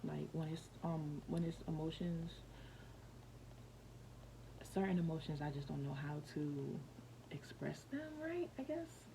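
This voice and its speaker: A woman vlogger loosely tells a personal story, stumbling through fillers and restarts in casual storytelling. Her voice is low with a gravelly edge, and she's unhurried with long pauses. The recording is low quality, with steady noise clearly humming in the background.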